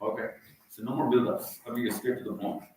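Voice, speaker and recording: A man's voice: mid-range voice, quick pace, a little mellow, slight background noise. A man with a Pakistani accent, giving a teasing, provocative talk in a mosque and quizzing the crowd. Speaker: guest speaker. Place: large echoey mosque hall. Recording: echoey hall from far off.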